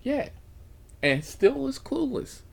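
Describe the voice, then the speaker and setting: His pitch is extremely high and his voice gravelly with a breathy edge as this rideshare driver, who hosts a channel, tells very animated stories to the camera at a slow pace. He swears liberally, laughs, and whispers asides.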